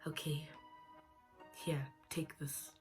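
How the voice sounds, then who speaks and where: A woman doing a hushed, offhand young man. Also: fairly low pitch, fairly quick, soft background music, close to an everyday voice. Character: quiet, laid-back young man at a gate.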